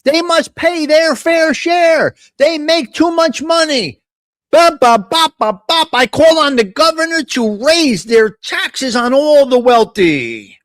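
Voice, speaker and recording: A man putting on an impression of a shouting older male politician, ranting with a drawn-out, yelling delivery. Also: extremely high pitch, lively intonation, dry recording, pitched above the performer's own voice, full character voice.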